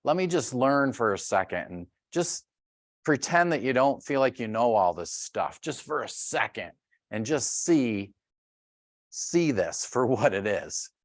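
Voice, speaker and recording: A middle-aged man leads a health workshop with lively, animated stories. He acts out sounds and little voices as he goes. His voice sits at a middle pitch and is recorded close and dry. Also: unhurried, no echo. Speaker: chiropractor giving a workshop.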